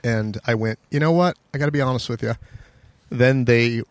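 A man's voice: medium pitch, moderate pace. A man co-hosting a podcast, telling a self-deprecating story in casual comedic chat and acting out the people he quotes. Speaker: podcast co-host.

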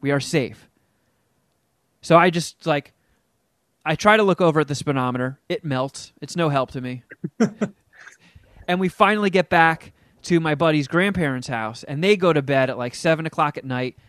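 A middle-aged man casually telling a story on a podcast, animated and acting out the people he quotes. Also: normal speed, dry recording, clean studio sound. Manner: animated, acts out quotes with big pitch jumps.

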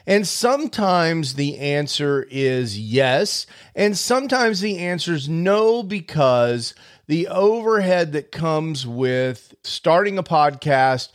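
A man hosting a podcast, explaining editing software in a casual, conversational monologue with wry asides. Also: a little high. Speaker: podcast host.

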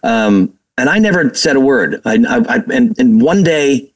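Guy chatting on a podcast, animated storyteller, mic sits a bit far off. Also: mid-range voice, moderate pace. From Massachusetts, US. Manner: animated, quotes people in their voices, laughs while telling stories. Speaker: guest actor. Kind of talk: casual storytelling interview.

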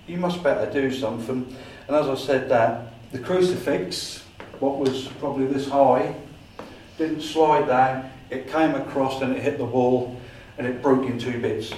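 A man tells a story to a meeting, acting out the voices in his tale with lively energy. His voice is middle-pitched, and the recording catches him from a distance in a very echoey room with faint ambient hiss. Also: measured pace. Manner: animated storyteller acting out his own dialogue. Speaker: paranormal investigator giving a talk. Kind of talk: storytelling talk to a society meeting.

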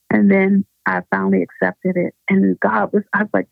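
A woman's voice: medium pitch, fairly even intonation, moderate pace, gravelly, few pauses, no echo. A woman guest giving an earnest, fervent faith testimony over a phone call. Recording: tinny phone line.

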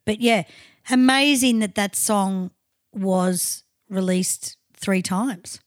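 A woman's voice: mid-range voice, slow pace, dry recording, clean studio sound. Blunt, storytelling Australian woman. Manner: animated storytelling, blunt and sweary. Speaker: podcast co-host. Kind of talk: casual chat.

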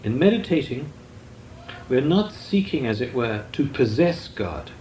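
Slow, lively-pitched older monk teaching meditation. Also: male voice. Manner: measured, deliberate, with long pauses. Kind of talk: slow meditative spiritual talk. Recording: echoey room with faint noise.

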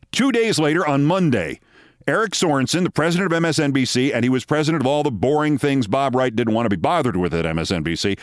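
A man's voice: mid-range voice, no echo, studio quality. A man in his sixties hosting a political podcast, reading scripted commentary with a sardonic, dramatic storytelling delivery. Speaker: podcast host.

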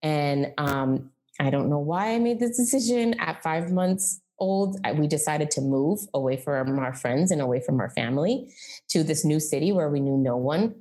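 A thirty-something woman guesting on a podcast recounts her life in a frank, talkative way, leaning heavily on "like" and "um." Her voice is low and dark-toned, animated, at a moderate pace.

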